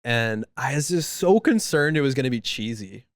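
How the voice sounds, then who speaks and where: A mid-range male voice, animated and at a moderate pace, belongs to a podcast co-host trading stories in casual conversation. He acts out lots of quotes from the people involved. The recording is studio quality with no room sound.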